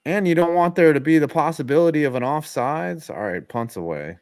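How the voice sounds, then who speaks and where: A man's voice: on the high side, animated, fairly quick, darkish tone, clean tone, dry recording, clean studio sound. A man hosting a casual live sports call, giving play-by-play in a joking, profane way. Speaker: host and play-by-play caller.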